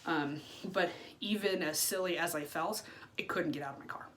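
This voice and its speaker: A woman's voice: lowish voice, normal speed, a little hiss or hum. Frank, swearing woman in her thirties. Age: 30s. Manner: frank and unfiltered, swears freely, many fillers. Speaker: vlogger. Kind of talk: candid personal vlog monologue.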